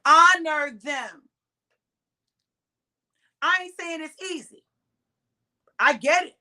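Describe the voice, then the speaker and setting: A middle-aged woman with a high, sharp voice preaches slowly and directly to her listeners. Her sermon-style exhortation is emphatic, and she stretches out the words she wants to stress.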